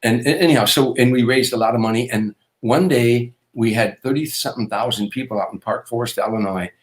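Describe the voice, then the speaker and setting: A man's voice: mid-range voice, fairly quick. A man in his sixties, a comedian guest, telling a long personal story in an earnest, rambling way. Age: 60s. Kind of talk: storytelling interview.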